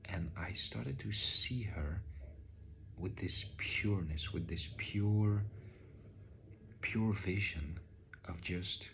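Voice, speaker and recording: Deep-voiced man speaking softly. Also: takes it slowly, vocal fry, long pauses, slight background noise. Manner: soft, often half-whispered, with filler "like" and restarts. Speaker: vlogger recounting a spiritual session. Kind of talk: reflective personal account.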